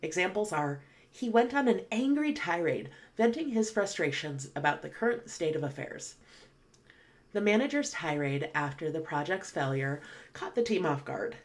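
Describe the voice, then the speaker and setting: A woman's voice: fairly low pitch, animated, moderate pace. A woman teaching English vocabulary, patiently explaining definitions and reading example sentences. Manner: patient, clear, spells out definitions then reads example sentences.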